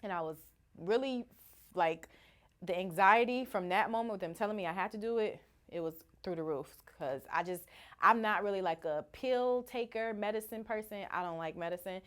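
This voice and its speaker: A woman's voice: medium pitch, moderate pace, fairly bright tone. A woman guest in an interview, plainly recounting a personal story and repeating details as she goes. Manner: plain, repeats herself, frequent fillers.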